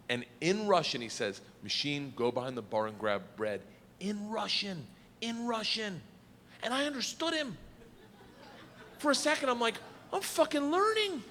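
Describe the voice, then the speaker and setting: A middle-aged man doing stand-up storytelling on stage, animated, laughing and yelling his punchlines. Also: sits high, measured pace, long pauses. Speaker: stand-up comedian. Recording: clip with long hall reverb and faint noise.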